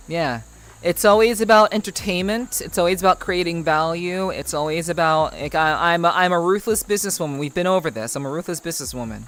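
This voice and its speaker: A woman's voice: fairly low pitch, a little fast. Woman streamer in a put-on Russian accent. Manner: teasing, playfully stern, rambling with frequent laughs. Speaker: VTuber streamer. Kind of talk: casual livestream chat with viewers.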